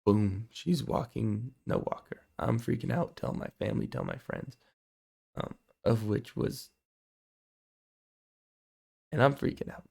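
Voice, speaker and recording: Gravelly young man telling his testimony. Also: medium pitch, a little slow, long pauses. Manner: earnest, excitable storytelling with fillers. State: voice going hoarse. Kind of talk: personal faith testimony.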